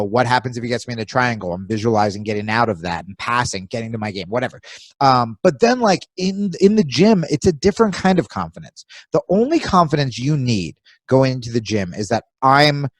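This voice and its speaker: A man's voice: mid-range voice, no room sound. A man co-hosting a podcast in casual chat, giving blunt, profane coaching advice. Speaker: podcast co-host.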